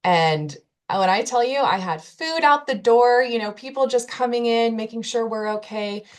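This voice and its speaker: A woman's voice: fairly high pitch, normal speed. A woman telling an emotional personal story in an interview, earnestly recounting events and quoting what people said. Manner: earnest, emotional retelling with quoted dialogue. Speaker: guest telling her story.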